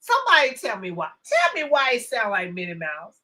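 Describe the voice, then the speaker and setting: Brash, animated woman livestream host. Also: a little high, a little fast. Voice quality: brash, profane, swings from loud to hushed asides. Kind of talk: casual livestream rant.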